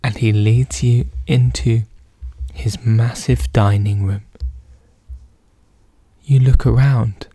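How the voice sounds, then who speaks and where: A man in whispered role-play, telling a story softly and slowly in the second person. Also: mid-range voice, steady tone, dry recording.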